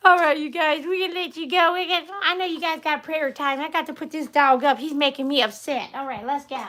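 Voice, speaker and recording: A woman's voice: high voice, steady tone, fairly quick, hardly any pauses, bright, forceful tone. A woman dog groomer hosting a live stream, chatting playfully with viewers and giggling often. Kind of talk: casual live-stream chat. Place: at home with dogs.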